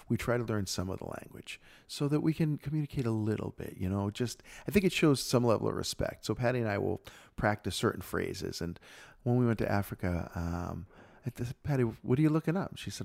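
A man co-hosting a podcast, chatting casually and telling animated stories with frequent laughter. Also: lowish voice, creaky. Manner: animated storyteller, laughs often. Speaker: podcast co-host. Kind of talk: casual chat.

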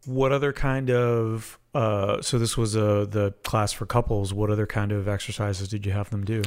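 A man hosting a casual conversation, relaxed, asking short follow-up questions. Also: on the low side, moderate pace, clean tone.

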